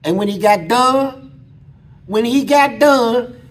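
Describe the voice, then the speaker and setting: A man's voice: very high voice, slow pace. A man as an interview guest, telling stories in casual, blunt and crude street slang, acting out other people's lines as he goes. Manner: acts out other people's lines mid-story. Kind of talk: casual storytelling about prison life.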